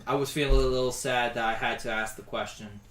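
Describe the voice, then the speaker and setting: A man's voice: fairly even intonation, quick pace, distant mic, slight background noise. Laughing male game master, echoey room. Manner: laughs often, voices NPCs in lower, quieter tones. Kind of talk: narrating a tabletop game.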